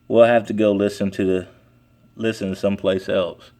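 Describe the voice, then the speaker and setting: A man reading aloud and voicing a gentle, thoughtful male teddy bear who speaks earnestly. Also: fairly low pitch, level tone, normal speed, lightly acted.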